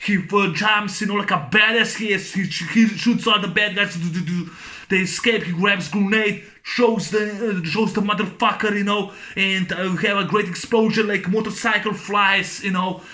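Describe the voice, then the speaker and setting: A man recording a casual movie discussion video, rambling excitedly with many restarts and fillers. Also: high voice, normal speed. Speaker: YouTube film reviewer.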